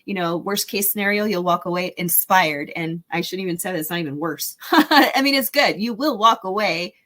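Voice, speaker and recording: Her voice sits on the low side yet sounds fairly bright, moving at a moderate pace. The woman, in her forties, hosts a casual solo podcast as a speaker, rambling with fillers in an enthusiastic, encouraging way.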